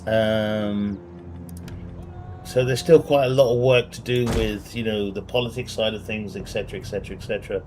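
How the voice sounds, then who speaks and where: A man with a fairly low, darkish voice and fairly even intonation speaks at a moderate pace over a little hiss or hum. He streams a strategy game from his home bedroom with casual commentary, rambling, reading viewer questions, and laughing at his own jokes.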